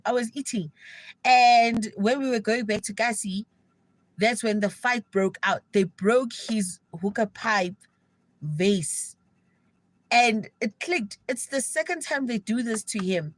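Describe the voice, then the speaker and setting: A young South African woman telling an animated, gossipy story to viewers of her live stream in casual slang. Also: mid-range voice, no room sound, rough recording. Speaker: livestreamer.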